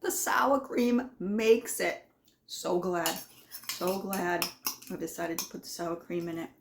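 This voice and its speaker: A woman's voice: fairly low pitch, slow pace, a little hiss or hum. A woman chatting casually in her home kitchen as she tastes and talks through her own cooking, rambling and folksy.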